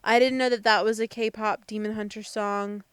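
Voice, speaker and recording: This podcast co-host, also a young adult woman, muses aloud in a relaxed, hedging way, leaning heavily on fillers. She speaks at a moderate pace in a steady mid-range voice that's slightly bright, clear and resonant, recorded with studio quality and no echo.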